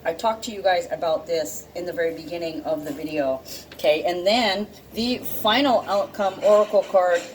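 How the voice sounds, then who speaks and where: A woman's voice: on the low side, normal speed, a little hiss or hum, rough recording. A woman giving a casual tarot card reading to her viewers, emotional and teary, laughing often and swearing freely. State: teary and sniffling. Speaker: intuitive card reader.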